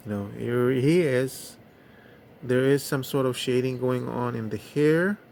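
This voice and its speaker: A man's voice: mid-range voice, a little hiss or hum. A man casually reviewing action figures, talking in a hesitant way with many fillers. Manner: slow, hesitant, lots of fillers. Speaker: toy reviewer.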